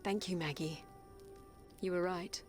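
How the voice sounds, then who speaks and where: A young actress as an earnest princess. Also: female voice, on the low side, steady tone, a little slow, faint music behind, lightly acted. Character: young princess with second sight.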